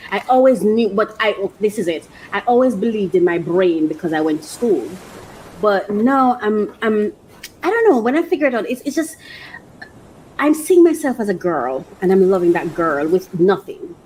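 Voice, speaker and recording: A woman's voice: mid-range voice, a little mellow, slight background noise, rough recording. A woman vlogger chatting casually as she unboxes, exclaiming often and laughing between phrases. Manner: thinks aloud about her life.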